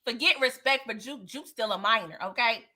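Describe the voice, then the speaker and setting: A woman's voice: fairly high pitch, normal speed, sharp tone. A woman hosting a live recap of a TV episode, chatting in a slangy, emphatic way, tagging her points with "okay?" and laughing often. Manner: chatty, keeps asking "okay?". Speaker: TV recap host. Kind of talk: live show recap chat.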